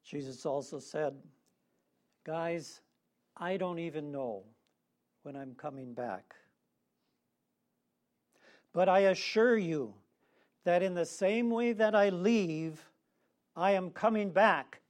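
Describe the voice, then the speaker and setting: A man preaching a sermon, leading the congregation in call-and-response with slow, emphatic phrasing. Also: a little high.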